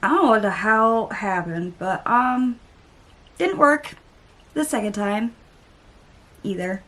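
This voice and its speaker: Brief: young woman beauty vlogger, mid-pitched voice, chatty and exasperated, casual get-ready-with-me chat. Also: slow, fairly bright tone. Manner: chatty storytelling, exasperated asides, some swearing. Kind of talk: casual chitchat while getting ready.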